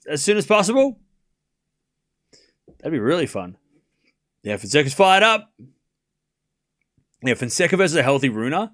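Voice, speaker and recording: Young man, live tennis stream commentary, bright voice, fairly high, very animated delivery, excitable. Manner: excitable, shouts at big points, jokes with chat.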